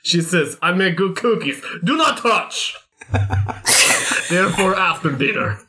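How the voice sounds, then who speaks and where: A man voicing a gruff, boastful Cookie Monster in a mock Russian accent, for a tabletop role-play podcast. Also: high-pitched, animated, slow pace, noisy background.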